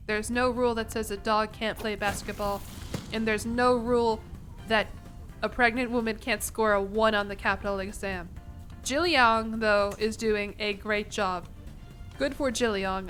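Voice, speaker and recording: A young woman streaming a game, cursing freely and joking at her own expense. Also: fairly high pitch. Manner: profane, self-mocking, excitable. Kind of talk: casual gameplay commentary.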